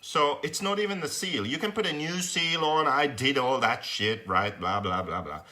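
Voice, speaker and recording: A young man hosting a live workshop stream, telling a story with lots of swearing and loudly acting out his frustration. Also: medium pitch, moderate pace. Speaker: host of a live workshop show.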